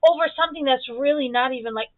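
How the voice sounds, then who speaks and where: A woman's voice: sits high, fast talker, no room sound. Blunt, profane woman on tinny audio. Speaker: streamer. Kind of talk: casual opinionated monologue.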